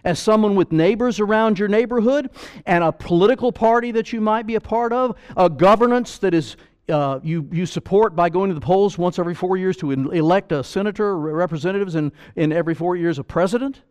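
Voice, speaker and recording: A man's voice: high voice, fairly quick, darkish tone, clean tone. A man preaching a sermon as pastor, emphatic and pleading, full of rhetorical questions.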